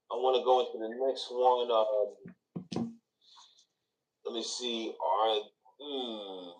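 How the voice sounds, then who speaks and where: A man of middle pitch hosts the talk, speaking very slowly as he gathers his thoughts. He sounds set back from the microphone. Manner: slow, unhurried, thinking aloud. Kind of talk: casual talk show chat. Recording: distant from the mic.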